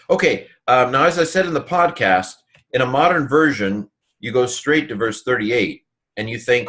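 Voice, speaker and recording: A man's voice: medium pitch, sing-song, moderate pace, a bit bright. A man teaching a casual Greek grammar lesson on a Bible passage, talking loosely with many fillers and restarts.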